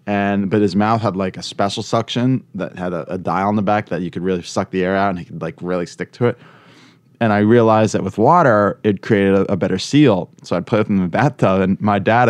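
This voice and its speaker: A man's voice: lowish voice, steady tone, fast talker, dry recording. A man co-hosting a podcast in casual chat, joking, laughing often and acting out quotes. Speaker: podcast co-host.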